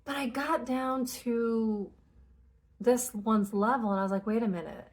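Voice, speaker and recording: A woman's voice: a little high, slow. Candid woman musing on spiritual energies. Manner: candid, swears freely, acts out inner dialogue. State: tearful at moments. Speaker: spiritual channel host. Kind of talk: casual spiritual monologue.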